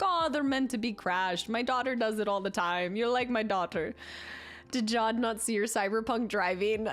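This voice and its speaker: A young woman streamer chatting casually, telling a long story with lots of laughter. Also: fairly high pitch. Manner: animated storytelling, frequent laughter. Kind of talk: casual chat.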